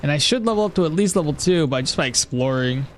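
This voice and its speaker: A man's voice: fairly high pitch, lively intonation, fast, a little hiss or hum. Chatty man streaming a game. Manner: rambling, thinks aloud, laughs at chat. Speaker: gameplay streamer. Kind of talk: casual gameplay commentary.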